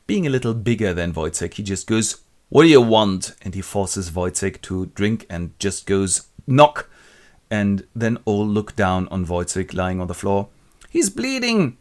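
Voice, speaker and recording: A man's voice: low-pitched, steady tone, moderate pace, hardly any pauses, a little mellow. A man retelling a classic play in a wry, colloquial, comic way. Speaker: literature presenter.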